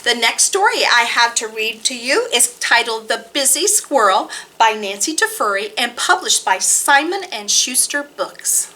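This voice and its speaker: A woman hosting a library storytime, reading rhymes and picture books aloud to toddlers in a sing-song, expressive way. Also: a little high, a little slow, few pauses. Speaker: children's library storytime host.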